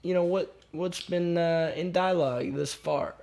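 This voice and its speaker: Brief: relaxed male podcast co-host, slightly high voice, halting recaps. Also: creaky, background noise. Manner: laid-back, hesitant, recaps with fillers. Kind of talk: casual podcast banter.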